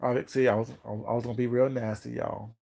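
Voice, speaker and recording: Male livestream host, gravelly mid-range voice, loose chatty delivery with lots of laughter. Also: medium pitch, level tone, quick pace, dark tone. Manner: chatty, repetitive, laughs often. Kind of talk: casual live chat while eating.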